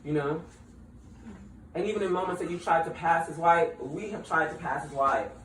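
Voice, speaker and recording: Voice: mid-range voice, moderate pace, a bit bright. A speaker giving an impassioned, conversational speech, slangy and laughing often while talking. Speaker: political speaker. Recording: roomy, distant mic, faint ambience.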